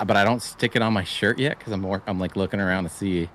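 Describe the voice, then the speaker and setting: A man's voice: lowish voice, fast talker, fairly bright tone, slight background noise. A man playing a tabletop game, casually describing what his character does. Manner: casual, hedging. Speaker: player.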